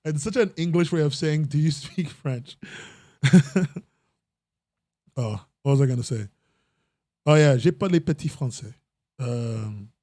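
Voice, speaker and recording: A man's voice: mid-range voice, a little mellow, no echo, studio quality. A young man hosting a casual podcast chat, rambling and breaking off mid-sentence, often laughing at himself. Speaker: podcast host.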